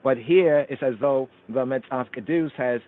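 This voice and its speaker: Over a phone-line call-in radio connection, a male host leads a scripture study at a normal pace in a medium-pitched voice. He recites verses in Amharic and Hebrew, then explains them word by word.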